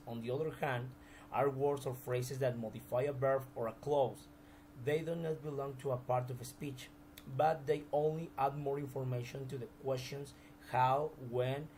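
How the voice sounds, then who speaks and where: A man's voice: medium pitch, fairly even intonation, a little slow, darkish tone, slight background noise, low-quality recording. A man teaching a recorded grammar lesson, explaining examples step by step with frequent restarts.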